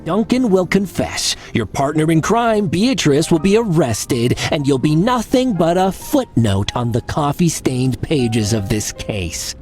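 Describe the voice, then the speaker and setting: A man's voice: a little high, big pitch swings, unhurried, few pauses, darkish tone, faint music behind. A man voicing a wisecracking male cat detective in a video game, talking in quippy, easygoing banter. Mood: earnest.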